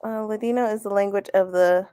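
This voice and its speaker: A woman's voice: mid-range voice, steady tone, brisk, warm tone, clean tone, no room sound, studio quality. A woman, hosting a casual livestream chat, laughing often and reading comments aloud. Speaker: host.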